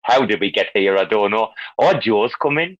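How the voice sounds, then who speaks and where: A man's voice: on the low side, animated, moderate pace, no echo. A man hosting a casual chat, ranting heatedly with lots of swearing and fillers. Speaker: host. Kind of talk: casual chat on a live audio room. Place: lives in Asia. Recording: dull lo-fi dry sound.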